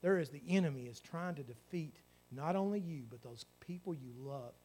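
A man's voice: on the high side, normal speed, darkish tone. A man, a pastor telling a story in his sermon and then praying with fervour. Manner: storytelling that builds to fervent praying.

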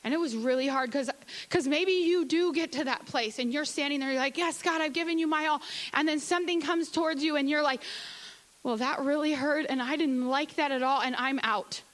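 A woman's voice: high-pitched, brisk, a bit bright, poor audio. A woman giving a candid, conversational church testimony, acting out her own asides. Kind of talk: sermon testimony.

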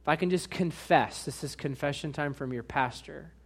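A man with a notably high voice preaches a sermon as the pastor. He swings between hushed confessional asides and loud, slowed-down emphasis. He often turns to the congregation with direct questions. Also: breathy edge.

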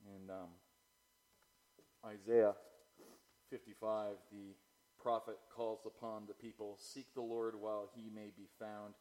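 A man preaching a sermon, moving from loud, declaiming passages to low, quiet asides as he reads and explains scripture. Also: flat delivery, slow pace, pauses often, low-quality recording. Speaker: pastor.

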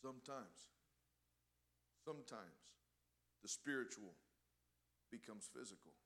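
A man preaching a sermon, impassioned, often swelling louder on key words and restarting his phrases. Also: mid-range voice, expressive, takes it slowly.

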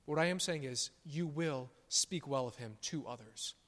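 A pastor preaching a sermon, emphatic on his declarations and softer on quiet asides. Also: on the high side, moderate pace. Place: church sanctuary. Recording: long church reverb.

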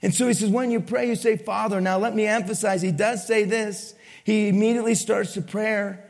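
Gravelly preacher in a reverberant hall. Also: male voice, sits high, fairly even intonation, fairly quick, hardly any pauses. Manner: conversational, asks the crowd for amens. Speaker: pastor. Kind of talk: sermon.

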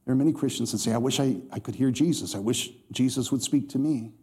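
Mellow-voiced man preaching a sermon. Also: mid-range voice, fast talker. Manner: emphatic, scripture-quoting, addresses congregation directly.

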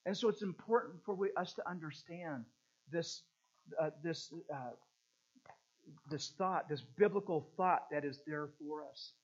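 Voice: medium pitch, measured pace, muffled recording. An earnest preacher teaching a catechism lesson as a sermon, repeating rhetorical questions to press the point home.

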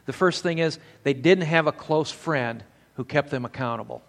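A man's voice: a little high, normal speed, big-room sound. Older man preaching with folksy stories. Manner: folksy storytelling with scripture. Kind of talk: sermon.

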